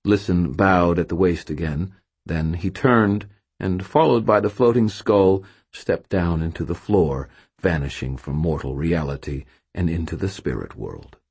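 A man narrating a first-person audiobook in a measured, expressive way, with a husky voice. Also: deep voice.

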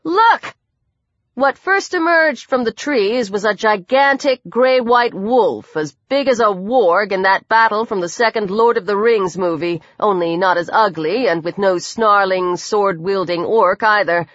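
A woman's voice: mid-range voice, dry recording. Woman narrating an audiobook, dry and dull. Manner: measured and steady. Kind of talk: scripted narration.

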